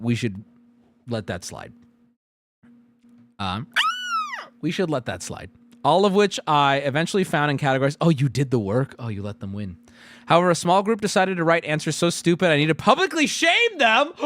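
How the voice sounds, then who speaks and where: Loud, foul-mouthed male streamer. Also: on the high side, dry recording. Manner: loud, profane, sarcastic, jumpy. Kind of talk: casual live-stream commentary.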